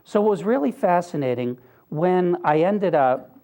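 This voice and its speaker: A man's voice: sits high, lively intonation, measured pace, warm tone. An older man giving an earnest, conversational talk, telling a personal story with wry asides. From Pennsylvania, US. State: briefly choked up. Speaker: speaker.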